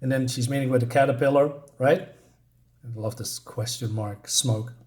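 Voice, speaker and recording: A man's voice: medium pitch, fairly even intonation, moderate pace, darkish tone. A man giving a casual spoken comic review, hesitant, with many ums and restarts.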